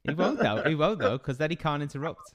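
A man's voice: fairly high pitch, very animated, fast. Guy hosting a comedy podcast, ribbing his buddies, swears a lot, mock grumpy. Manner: teasing, profane, mock-grumpy. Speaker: podcast host. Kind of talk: casual comedy podcast banter.

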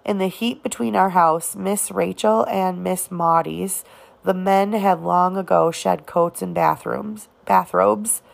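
Woman reading a book out loud, lowish voice, lots of vocal fry, slow and steady. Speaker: reader. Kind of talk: audiobook narration.

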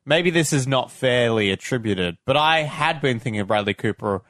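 Rambling man with a lively voice. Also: mid-range voice, normal speed, no room sound, clean studio sound. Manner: rambling, many fillers and restarts. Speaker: podcast co-host. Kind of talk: casual film discussion.

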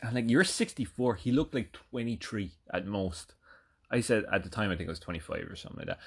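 A man's voice: fairly low pitch, huge pitch swings, fast, vocal fry, husky. An Irish man in his thirties telling a rambling, profane story and checking in with "right?" often. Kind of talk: casual anecdote.

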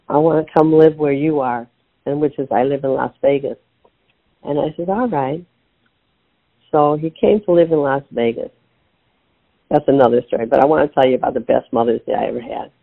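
A woman's voice: low-pitched, vocal fry. Older woman telling a story on a phone line. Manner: animated storyteller acting out her own quotes. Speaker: author and interview guest.

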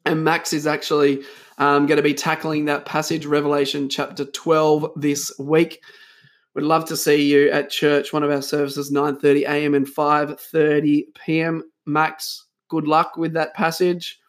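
A man's voice: a little high, completely flat delivery, measured pace. A man hosting a church podcast, chatting casually, teasing his guest and laughing often. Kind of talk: casual chat.

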